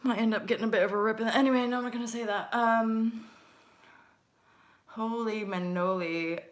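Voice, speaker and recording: A woman's voice: fairly high pitch, fairly even intonation, moderate pace. A woman hosting a casual live stream with tarot readings, rambling and chatty, swearing lightly and laughing often. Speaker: host doing live intuitive tarot readings.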